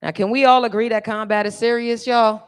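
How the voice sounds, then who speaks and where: A woman's voice: on the high side, flat delivery, fairly quick, smooth. A middle-aged woman from California doing a brash, bawdy live stand-up routine on a stage mic and teasing the crowd. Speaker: stand-up comedian.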